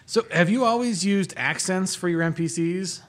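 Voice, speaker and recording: A man's voice: high voice, normal speed. Enthusiastic man hosting a podcast. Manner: enthusiastic, rambling questions. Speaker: podcast host. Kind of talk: casual chat.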